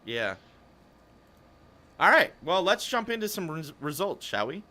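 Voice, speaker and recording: Bright-voiced man hosting a gaming podcast. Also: on the high side, big pitch swings, a little slow. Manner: rambling, self-interrupting, chatty. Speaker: podcast host. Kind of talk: casual esports podcast chat.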